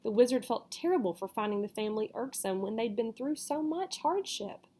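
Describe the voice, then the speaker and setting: A woman reading a storybook chapter aloud, with casual asides and quick self-corrections. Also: on the high side, expressive, mellow. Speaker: reader.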